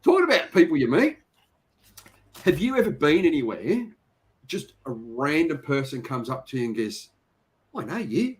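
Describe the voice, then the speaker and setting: A middle-aged Australian man from Victoria hosts a casual live-stream chat over a video call, his voice a little high with big pitch swings at a moderate pace. He's a chatty storyteller who gets sidetracked easily and laughs often.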